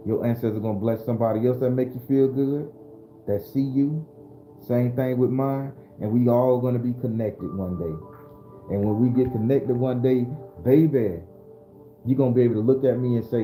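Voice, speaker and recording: A man's voice: medium pitch, steady tone, normal speed, dark tone, echoey room, faint music behind. A man hosting a casual live-streamed spiritual talk, loose and preachy, speaking straight to his viewers. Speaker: spiritual livestream host.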